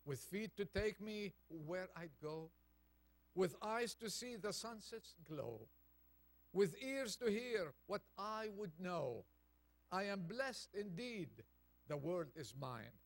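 A man preaching a Thanksgiving sermon, reading a poem aloud softly and then building up with rising intensity. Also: high voice, very animated, slow pace, no room sound.

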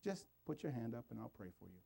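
Male pastor, sermon and prayer, earnest pleading delivery, mellow tone, gravelly edge. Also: mid-range voice, very animated, quick pace. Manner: earnest, pleading, voice rising and falling. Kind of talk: sermon with altar call and prayer.

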